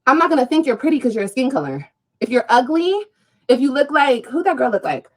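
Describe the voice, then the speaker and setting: A woman on a livestream rants at her critics in a fairly high voice that swings widely in pitch. She is confrontational and profane and mocks her detractors as she talks straight to her viewers. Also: big pitch swings, fast, rough recording. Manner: addresses viewers directly. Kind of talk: ranting livestream monologue.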